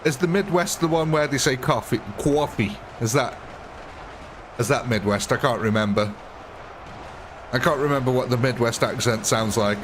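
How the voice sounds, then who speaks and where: A man's voice: mid-range voice, normal speed, pauses often, noisy background. A man hosting a gaming livestream, chatting casually with viewers and chuckling often. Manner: chatty, chuckling, answers chat. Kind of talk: casual live-stream chat.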